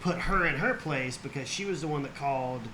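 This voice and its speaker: A man's voice: mid-range voice, fairly quick, sharp tone, low-quality recording. Man chiming in over background noise. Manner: laid-back, chiming in with short remarks. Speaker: podcast co-host. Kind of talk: casual movie discussion.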